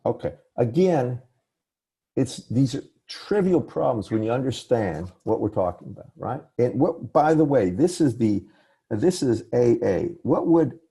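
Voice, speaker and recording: A male professor lecturing through a computer mic on a video call has a medium-pitched, mellow, breathy voice with big pitch swings and an unhurried pace. He often restarts, corrects himself, and apologizes.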